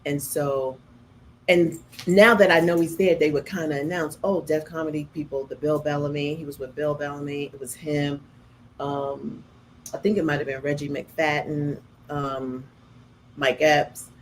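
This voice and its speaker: Brief: middle-aged New woman, lower voice, animated storyteller host, faint room hum. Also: measured pace, rough recording. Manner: animated, acts out quotes with big pitch jumps. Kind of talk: casual storytelling chat.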